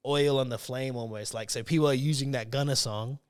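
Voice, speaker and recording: Rambling man with a smooth voice. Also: mid-range voice, steady tone, brisk. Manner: rambling, filler-heavy, often restarts his sentences. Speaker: podcast host. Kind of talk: casual chat.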